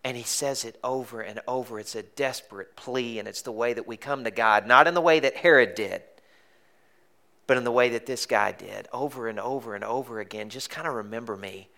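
A man preaching with a bright, forceful voice. He talks to the congregation as if chatting, with self-mocking humor, then drops into quiet intensity on the heavy points. His pitch sits in a middle range. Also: a little fast, gravelly. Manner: conversational and joking, dropping to a hushed intensity. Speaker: pastor. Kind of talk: sermon.

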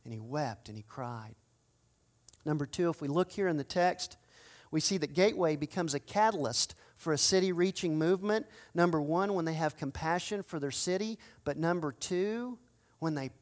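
Male pastor, fervent sermon delivery, swings from hushed to loud. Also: on the high side. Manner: impassioned preaching, swinging from loud cries to hushed pleading.

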